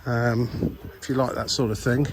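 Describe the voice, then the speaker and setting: An older man with a husky voice from a cold, walking outdoors and commenting wryly on the sights, with many uhs. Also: medium pitch, level tone, moderate pace. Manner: rambling, wry, many ums and uhs. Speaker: vlogger. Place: outdoors in an old town street.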